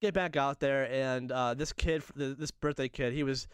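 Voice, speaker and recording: A young man telling a funny story in casual chat, animated and laughing often, acting out the voices of the people in it. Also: mid-range voice, moderate pace, clean tone, dry recording, clean studio sound.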